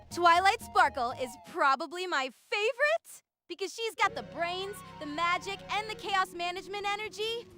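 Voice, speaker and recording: A woman's voice, an AI co-host, reading chat messages in a peppy, slightly scripted stream chatter style. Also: very high-pitched.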